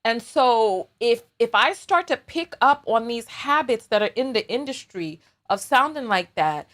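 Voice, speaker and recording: A woman's voice: a little high, animated, measured pace, a bit bright. A woman talking casually and emotionally on a livestream, repeating herself and thanking viewers. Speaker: vlogger and aspiring public speaker.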